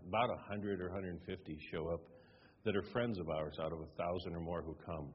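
Low-voiced pastor guy preaching, chatty storytelling, dull sound with a long hall echo. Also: fairly even intonation, a little fast, slightly rough. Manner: conversational, retelling dialogue with varied emphasis. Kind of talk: sermon with storytelling.

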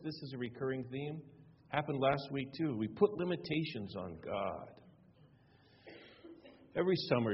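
A man's voice: fairly low pitch, a little hiss or hum. A man preaching a sermon as pastor, telling stories in a conversational way and acting out the dialogue. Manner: conversational, retelling dialogue with varied emphasis. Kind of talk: sermon with storytelling. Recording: dull sound with long hall reverb.

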